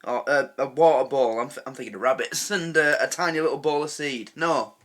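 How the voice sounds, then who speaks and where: An English man hosting a reaction video, giving animated, casual commentary and ranting with laughs. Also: medium pitch, brisk. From England.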